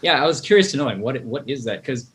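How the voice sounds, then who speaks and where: A man's voice: medium pitch, lively intonation, fast talker, fairly bright tone, a little hiss or hum. A man co-hosting a casual podcast, talking in a chatty, curious way and asking questions. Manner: chatty and curious, laughs between phrases. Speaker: podcast co-host. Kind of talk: casual chat.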